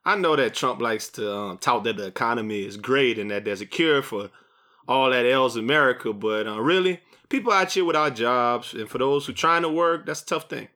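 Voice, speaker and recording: A young man hosting a podcast, chatting in a jokey, animated way with friends, then reading a commentary segment. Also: mid-range voice, normal speed. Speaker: podcast host. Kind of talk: casual podcast chat and scripted monologue.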